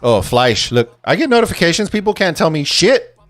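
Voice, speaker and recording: A man casting a strategy game tournament on a live stream, excitable and chatty, swearing freely as he reads viewer messages. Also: a little high, moderate pace, no echo. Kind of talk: casual live-stream commentary and chat reading.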